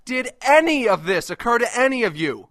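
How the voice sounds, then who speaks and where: A man's voice: extremely high pitch, sing-song, fairly quick, a bit bright, no room sound, studio quality, exaggerated voice. A man voicing a crude, abrasive cartoon host who answers fan mail with contempt and constant swearing. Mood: indignant. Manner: foul-mouthed, contemptuous, ranting. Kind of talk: animated web comedy sketch.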